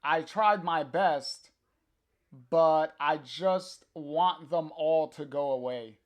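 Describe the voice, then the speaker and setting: A man reading the lines of a tearful, overwhelmed young girl from a comic, slowly and softly. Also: on the high side.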